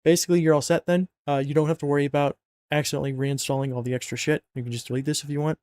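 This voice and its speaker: A man's voice: on the high side, level tone, racing, darkish tone, no echo. A man casually talking through a mod install on a screen recording, rambling and joking with lots of fillers and self-corrections, a bit sleepy. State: yawning, sleepy. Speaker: mod install tutorial narrator.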